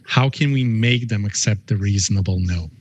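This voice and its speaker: Low-voiced hesitant male moderator. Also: moderate pace, husky. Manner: hesitant, filler-heavy. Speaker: session moderator. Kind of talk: reading audience questions. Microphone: video call.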